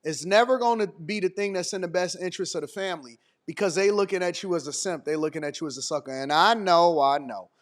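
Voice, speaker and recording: A man's voice: high-pitched, fast, hardly any pauses. A man hosting a channel, reacting to a clip with blunt, emphatic, slangy commentary. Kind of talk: opinionated commentary.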